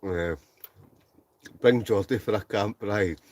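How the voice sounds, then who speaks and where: A Scottish man with a low, deep voice chats easily through a livestream, reading out comments and laughing as he goes. He speaks from inside a tent, relaxed and talkative. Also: slow. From Scotland. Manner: chatty, laughs often, reads viewer comments aloud. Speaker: livestream host. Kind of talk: casual live chat reading comments.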